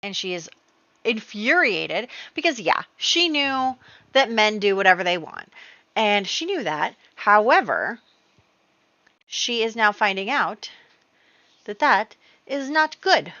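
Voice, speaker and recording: A woman's voice: medium pitch, big pitch swings, takes it slowly, pauses often, pushed and bright, dry recording. A woman giving casual, chatty, rambling commentary over her game play. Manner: chatty, rambling, many fillers. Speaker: gaming video creator. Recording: dull lo-fi dry recording.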